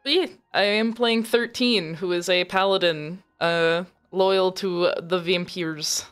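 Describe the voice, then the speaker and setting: Woman producer, lowish voice, playful banter. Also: fairly even intonation, takes it slowly, smooth, soft background music. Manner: playful and joking. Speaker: stream producer and player. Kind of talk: casual chat.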